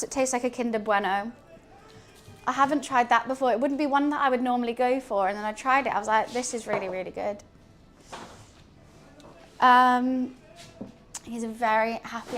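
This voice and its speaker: High-voiced chatty woman streamer. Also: moderate pace, a bit bright, faint music behind. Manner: chatty, scattered, talks to her cat in a high playful voice. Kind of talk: casual cooking stream chat.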